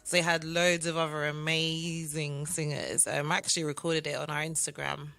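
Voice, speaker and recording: A woman's voice: low-pitched, level tone, moderate pace, vocal fry, pushed and bright, no room sound. A woman in her twenties co-hosting a podcast, chatty and giggly, rambling with fillers. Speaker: podcast co-host. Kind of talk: casual chat.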